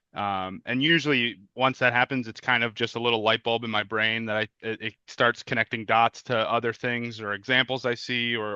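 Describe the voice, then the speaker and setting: A man's voice: mid-range voice, bright, forceful tone, smooth, no echo, muffled recording. A male comedian chatting easily in an interview, full of "yeah" and "like", laughing often. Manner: easygoing, lots of "yeah" and "like", laughs. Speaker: comedian guest. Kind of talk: casual interview chat.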